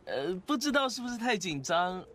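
A woman's voice: medium pitch, very animated, a little fast, a bit bright, slight background noise. A jittery college girl. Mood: nervous. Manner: jittery, talks to herself. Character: nervous young female college student. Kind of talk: game voice acting.

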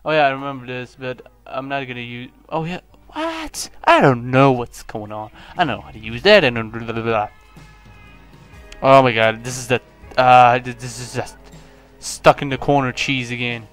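A young man from Lithuania, whose first language is Lithuanian, rambles through casual gameplay commentary at a middle pitch. He mocks himself and breaks into sudden excited yelps. Faint game music plays underneath. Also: moderate pace. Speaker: gaming channel host.

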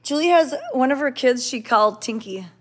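A woman's voice: high-pitched, animated, a little fast. A woman hosting a casual livestream from an indoor cat sanctuary, chatting, greeting viewers by name and cooing at the cats, recorded on a handheld phone.

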